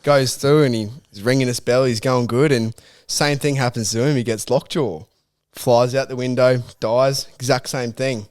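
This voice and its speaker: A man's voice: medium pitch, steady tone, moderate pace, a little mellow. A young Australian man co-hosting a casual podcast, telling a long joke loosely and laughing at it himself. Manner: laughs at his own jokes, loose storytelling. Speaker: podcast co-host.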